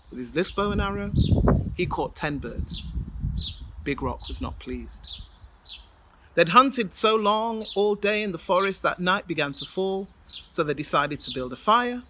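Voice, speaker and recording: A woman's voice: lowish voice, noisy background. A woman storyteller telling a folk tale with rhythmic repetition and dramatic build-ups.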